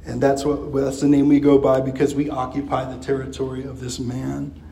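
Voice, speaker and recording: A man's voice: monotone, moderate pace, creaky, warm tone. A man preaching a sermon in a conversational way, with chuckles and fillers. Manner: acts out quoted voices with pitch jumps. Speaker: pastor.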